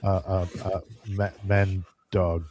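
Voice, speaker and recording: A man's voice: low-pitched, level tone, slow pace, a little mellow. A man playing a tabletop game, talking hesitantly and searching for words with many ums. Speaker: player. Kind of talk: tabletop game play, half in character.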